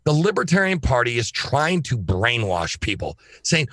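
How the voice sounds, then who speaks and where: A man speaking as a guest on a podcast, talking in an emphatic, excitable way and swearing freely. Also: medium pitch, normal speed, hardly any pauses, dry recording, studio quality. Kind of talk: casual podcast chat.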